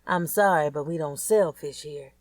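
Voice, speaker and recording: A woman reading an audiobook, voicing a polite, brisk young waitress. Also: low-pitched, darkish tone, no echo, natural voice. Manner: polite, service-friendly.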